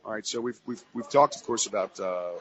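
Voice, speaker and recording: Radio host, Louisiana man, lowish voice, jovial and chatty, lo-fi AM sound. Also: a little fast, music in the background. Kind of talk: live radio talk show hosting. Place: cigar shop, live remote broadcast. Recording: dull lo-fi radio broadcast.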